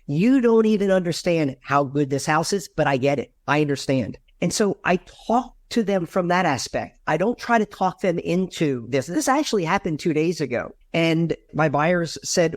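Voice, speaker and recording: A man's voice: dry recording, clean studio sound. A man from Virginia, a real estate agent guest on a podcast, telling stories and acting out the dialogue in them. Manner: animated, acts out dialogue with big pitch jumps. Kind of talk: conversational storytelling.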